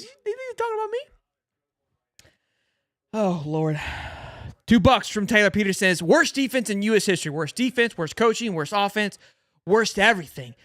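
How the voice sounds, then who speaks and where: A young man with a high, sharp voice hosts a live sports stream, reading super chats during a halftime rant full of exasperation and sarcasm. The audio is clean studio sound with no room echo.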